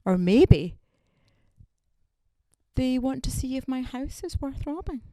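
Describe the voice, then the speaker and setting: A woman performs a stand-up set in a wry, punchy way. Her pitch swings widely from line to line. The recording is dry and close, with no room sound. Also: expressive, slow, warm tone, no room sound. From Scotland. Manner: wry, punchy delivery with quoted voices. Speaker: stand-up comedian.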